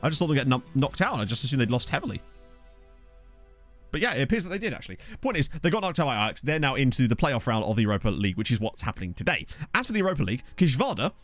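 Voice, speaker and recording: A man streaming a football management game, talking in a loose, self-mocking way and breaking into laughs. His pitch swings up and down a lot as he reads chat and weighs up players, and he is hiccuping. Faint music plays underneath him. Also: big pitch swings, racing, a bit bright. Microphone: desk USB microphone.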